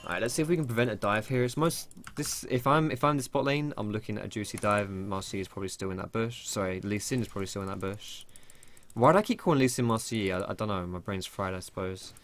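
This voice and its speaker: A man's voice: on the low side, quick pace. A young man giving casual, rambling gameplay tutorial commentary from his computer at home. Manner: chatty, rambling, swears when surprised.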